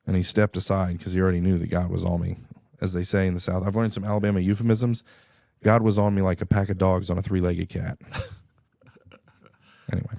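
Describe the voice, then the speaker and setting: A man's voice: low voice, gravelly, darkish tone, no room sound, studio quality. A man telling a personal story on a radio show in a casual, rambling way. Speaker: guest. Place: radio studio.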